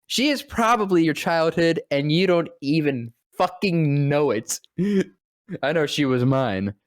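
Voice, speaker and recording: A man's voice: fairly high pitch, no echo, clean studio sound. A man who works as a voice actor tells a casual, rambling story. He swears freely and acts out the lines other people said. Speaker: voice actor guest.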